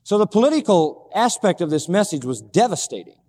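A man's voice: high-pitched, very animated, fairly quick, warm tone, big-room sound. A man preaching a sermon emphatically, repeating key phrases and asking rhetorical questions.

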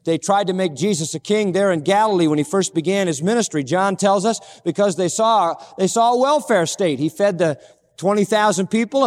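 A man's voice: high voice, in a large hall. A man preaching a sermon emphatically, repeating key phrases and asking rhetorical questions.

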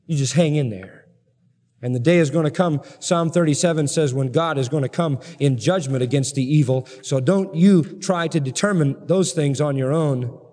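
A man preaching a sermon to a congregation, emphatic and building to excited peaks. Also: on the high side, normal speed, big-room sound. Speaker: pastor.

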